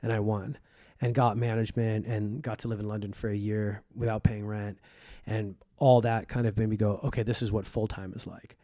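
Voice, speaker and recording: Animated man telling stories, from Egypt. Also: fairly low pitch, brisk, no room sound, clean studio sound. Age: 40s. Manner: animated, acts out quoted voices, swears freely. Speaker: comedian guest. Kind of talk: casual podcast storytelling.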